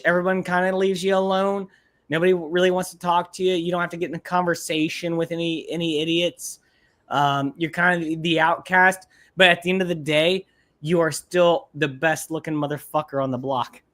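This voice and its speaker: A man from Ohio co-hosting a casual livestream, ranting with crude language and lively swings in pitch. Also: a little fast. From Ohio, USA. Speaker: podcast co-host.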